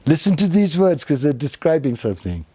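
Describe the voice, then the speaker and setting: An older man giving a spiritual talk to a retreat group, expressive and effusive, teasing his listeners fondly. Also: on the high side, a little fast, husky, dry recording. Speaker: spiritual teacher.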